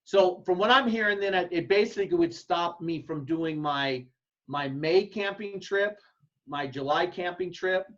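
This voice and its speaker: A man, a football coach, giving blunt, folksy advice to other coaches and acting out his own yelled calls. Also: high-pitched, a little slow. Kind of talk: casual advice talk to coaches. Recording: dull lo-fi sound.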